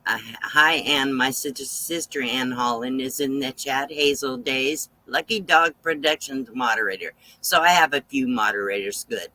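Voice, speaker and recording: A man hosting a live stream, chatting casually and greeting viewers one by one, with many fillers and pauses. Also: medium pitch, sharp tone, no room sound, low-quality recording. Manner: unhurried, halting, with many fillers. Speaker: channel host on a live stream.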